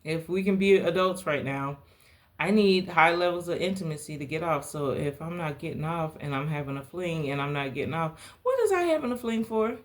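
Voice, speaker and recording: Candid, animated woman telling stories. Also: brisk. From South Carolina Lowcountry. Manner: animated, candid, dramatic pitch swings. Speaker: podcast host. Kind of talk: casual personal storytelling.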